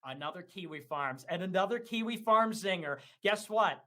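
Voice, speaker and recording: High-pitched, lively mocking young man. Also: moderate pace. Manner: mocking, taunting, profane. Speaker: livestream debater. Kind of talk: heated livestream argument.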